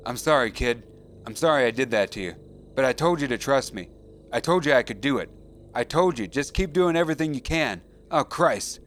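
A man voicing a frantic soldier who calls out loudly and is close to tears as he rescues his buddy. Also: mid-range voice, quick pace, hardly any pauses, soft background music, voice pushed up, lightly acted. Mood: tearful relief. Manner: shouting, emotional, near tears.

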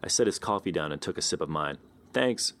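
A man narrating a first-person story in a wry, understated, deadpan way. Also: a bass voice, fast talker. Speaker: audiobook narrator.

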